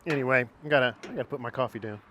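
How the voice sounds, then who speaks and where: A man's voice: mid-range voice, racing, bright, forceful tone, dull audio. A man casually talking through a car repair in a vlog, chatty and self-mocking, recorded outdoors by a truck on a camera mic. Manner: chatty, self-mocking, gets long-winded.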